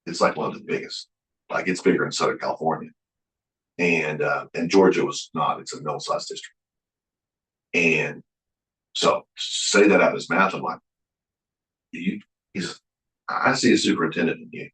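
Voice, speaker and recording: A deep-voiced middle-aged man teaches at a Bible college, folksy and earnest, stumbling into restarts as he acts out old conversations. His low voice carries around an echoey room. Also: lively intonation, normal speed, pauses often, a bit bright. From Oklahoma. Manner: folksy, earnest, with frequent restarts and quoted dialogue. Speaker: guest speaker at a Bible college. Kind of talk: sermon-like leadership lecture with storytelling.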